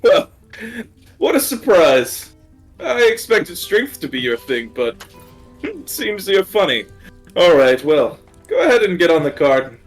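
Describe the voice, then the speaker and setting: A man's voice: sits high, sing-song, measured pace, faint music behind, full character voice. A man voicing a sly adult male stranger who tests recruits, speaking in a wry, teasing way.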